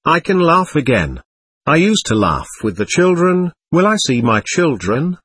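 A man voicing the ghost of a grieving young mother, speaking slowly and sorrowfully in halting phrases. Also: on the high side, big pitch swings, fairly bright tone, slightly rough, no room sound, voice pushed up, heavily acted. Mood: relieved.

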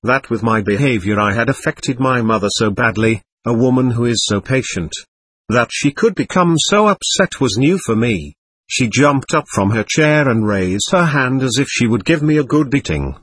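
A man reading a first-person memoir aloud in a plain, measured storytelling manner. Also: medium pitch, expressive, fairly bright tone, slightly rough, no room sound.

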